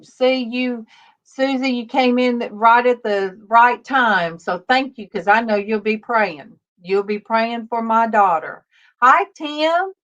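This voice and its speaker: Slow-talking Southern woman in her fifties. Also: on the high side, muffled recording. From Alabama, US South. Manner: slow, soft-spoken, greets viewers by name. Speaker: livestream host. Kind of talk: casual livestream chat.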